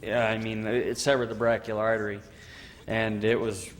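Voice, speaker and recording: A man's voice: fairly low pitch, moderate pace, long reverb tail. A man in his forties from Michigan, a veteran telling his story in an oral history interview, acting out what people said and saying "you know" a lot. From Michigan, USA. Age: 40s. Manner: animated storyteller who acts out quotes and says "you know" often.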